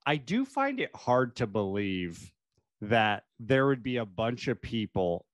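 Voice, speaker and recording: A man's voice: mid-range voice, sing-song, a little slow, no room sound, studio quality. A young man co-hosting a casual movie-chat podcast, laughing often and recapping scenes in a wry, offhand way. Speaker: podcast co-host.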